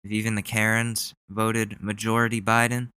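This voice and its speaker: A man's voice: lowish voice, flat delivery, moderate pace, background noise. A man hosting a podcast, chatting casually in a loose, joking and profane way. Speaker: podcast host. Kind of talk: casual chat.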